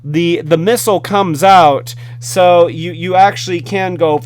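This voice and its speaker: A man's voice: high-pitched, steady tone, unhurried. A man hosting a casual hands-on toy review, enthusiastic and rambling. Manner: enthusiastic, rambling with fillers and restarts.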